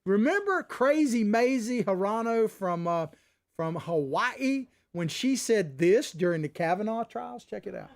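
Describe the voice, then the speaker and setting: Middle-aged male host, high voice that swings all over, folksy and combative. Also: expressive, unhurried. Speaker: commentary show host. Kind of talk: opinionated political commentary.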